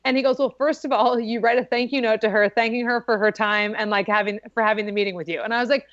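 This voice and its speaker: A woman's voice: fairly high pitch, steady tone, fast, dry recording. A young adult woman as a podcast guest, casually telling a story, chatty and full of "like", often laughing as she talks. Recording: dull lo-fi.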